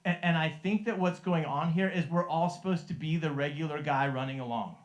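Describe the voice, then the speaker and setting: A middle-aged man with a voice a little higher than most men's tells a faith story to a live group. He is earnest and chuckles often, stumbling over restarts as he speaks. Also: fairly quick, highs cut off. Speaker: Christian life coach sharing a testimony.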